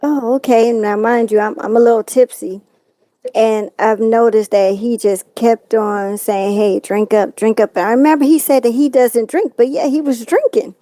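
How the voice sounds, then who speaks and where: A woman's voice: on the high side, steady tone, moderate pace, warm tone, no room sound. A woman telling a distressing personal story as a talk-show guest, acting out what others said.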